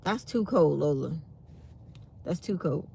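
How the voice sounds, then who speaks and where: Woman, tired, chatty, low gravelly voice, faint hiss behind. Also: lively intonation, takes it slowly, dark tone. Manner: chatty, reads live comments aloud. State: tired and yawning. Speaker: channel host. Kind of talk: casual morning chat to viewers.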